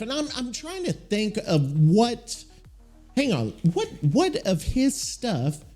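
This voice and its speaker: Rambling, swearing podcast host, fairly high voice. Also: male voice, darkish tone. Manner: rambling, profane, thinks aloud while looking things up. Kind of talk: casual solo podcast chat.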